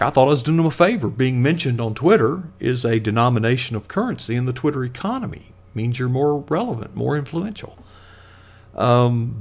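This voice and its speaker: Man, live stream host, gravelly voice, casual rambling talk, lots of fillers. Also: medium pitch. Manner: chatty, rambling, many fillers and asides.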